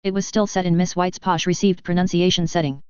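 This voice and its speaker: Low-voiced woman narrating fiction. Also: level tone, a little fast, a little mellow, clean tone, no room sound. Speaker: audiobook narrator. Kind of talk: first-person fiction narration. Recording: dull, lo-fi and dry.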